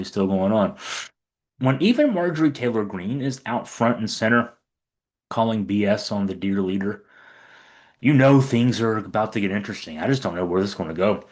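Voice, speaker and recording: A middle-aged man giving casual political commentary, chatty and sarcastic, with many fillers. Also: mid-range voice.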